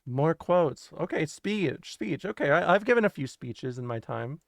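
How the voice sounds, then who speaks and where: A streamer chatting casually with viewers, rambling and laughing, often trailing off to quiet mumbles. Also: medium pitch, animated, normal speed, creaky, no room sound. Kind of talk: casual live stream chat.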